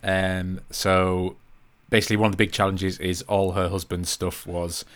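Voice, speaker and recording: A man's voice: low voice, completely flat delivery, normal speed, fairly bright tone. A man, co-hosting a podcast. He talks in a laid-back, sweary way, full of ums. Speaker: podcast co-host. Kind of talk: casual podcast chat.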